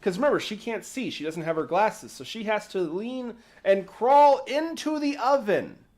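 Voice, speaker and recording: A man's voice: high voice, lively intonation, moderate pace, darkish tone. A man hosting a livestream, retelling a folk tale casually with sarcastic, mocking asides and casual swearing. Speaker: host.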